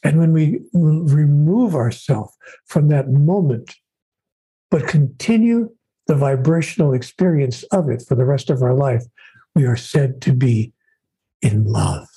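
A man with a slightly high, warm voice that is deeply husky and breathy. He speaks about spirituality as an interview guest. His delivery is measured and emphatic, and he stacks phrases into rhythmic lists. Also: poor audio.

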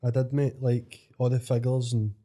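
A Glaswegian comedian in his mid-thirties chats as a podcast guest. His voice is dark and mellow, and he talks in an easygoing, agreeable way. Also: mid-range voice, level tone, moderate pace. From Scotland. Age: 30s. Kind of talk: casual chat.

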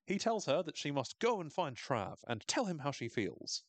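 A man hosting a podcast, recapping a TV episode in casual, animated talk, swearing and laughing often. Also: on the high side, moderate pace, no echo. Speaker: podcast host.

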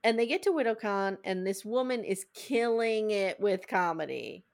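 A woman's voice: mid-range voice, normal speed, vocal fry. A woman hosting a podcast, chatting casually as she recaps a TV episode and acts out the scenes. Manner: animated, acts out scenes in funny voices. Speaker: podcast host.

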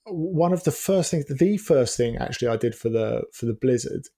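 A man's voice: mid-range voice, expressive, moderate pace, creaky, warm tone. A man co-hosting a football podcast who talks in a rambling, hesitant way, full of fillers and restarts. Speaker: football journalist, podcast co-host. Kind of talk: casual podcast chat.

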